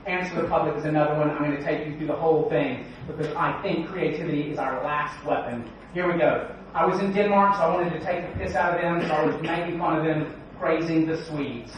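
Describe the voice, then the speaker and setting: A man giving a joking, energetic conference talk and quizzing the audience. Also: fairly high pitch, a little fast, few pauses, slight background noise. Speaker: conference speaker. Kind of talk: keynote talk. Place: large conference hall. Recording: echoey hall, distant, dull sound.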